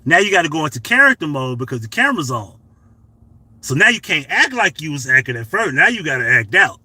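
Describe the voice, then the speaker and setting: A man hosting a commentary vlog, telling a personal story in a casual, profane, animated way. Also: on the high side, fast talker, breathy edge, no echo. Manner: profane, animated, tells a story with acted quotes. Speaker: commentary channel host.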